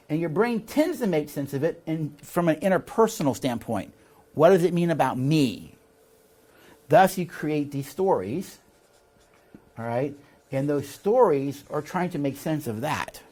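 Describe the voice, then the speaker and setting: In a recorded leadership lecture, a male instructor with a voice on the high side speaks unhurriedly, explaining ideas and reading passages from the text. He's animated and checks in with listeners, seeking agreement with "all right?" and "see?".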